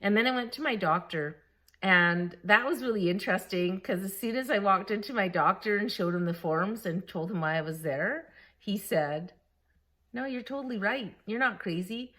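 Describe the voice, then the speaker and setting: A woman talks straight into her camera, recounting events in a casual vlog. Her voice sits at a middling pitch, and she keeps things lively, laughing often and slipping into other people's words as she tells the story. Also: normal speed. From Canada. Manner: animated, laughing, quoting others. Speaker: vlogger, former school staff member.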